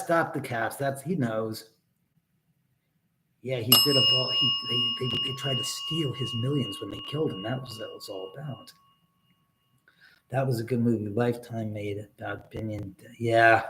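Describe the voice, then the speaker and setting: A man's voice: medium pitch, lively intonation, moderate pace, long pauses, heavy background noise. A middle-aged man hosting a casual livestream from his home, rambling to his viewers and swearing when riled. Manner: rambling, talks to chat and his dog, swears when angry. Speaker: livestream host. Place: indoors at home.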